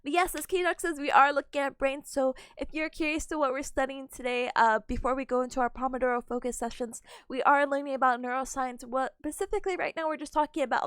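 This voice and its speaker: A woman's voice: high voice, fairly even intonation, quick pace, hardly any pauses, dry recording, clean studio sound. A young adult woman streaming, chatting casually and greeting her chat in a bubbly, giggly way.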